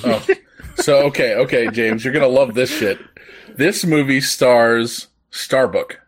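Male co-host, easygoing and hesitant, mid-pitched casual delivery. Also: unhurried. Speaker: podcast co-host. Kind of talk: casual chat.

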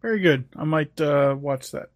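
A man in casual chat, cutting in with quick jokes and asides. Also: on the high side, dry recording. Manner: joking interjections.

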